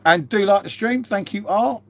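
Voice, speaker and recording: A man's voice: high voice, normal speed, fairly bright tone. A British man hosting a casual live stream, chatting and swearing freely, calling everyone "mate" as he reads out viewer comments. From Britain. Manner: chatty and matey, swears a lot, says "mate" constantly.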